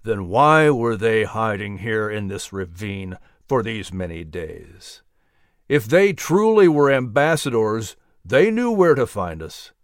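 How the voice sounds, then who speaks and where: A man's voice: on the low side, very animated, slow pace, no room sound, clean studio sound, pitched below the performer's own voice. A man voicing a stern young male colonel who gives firm, clipped orders in a storybook reading.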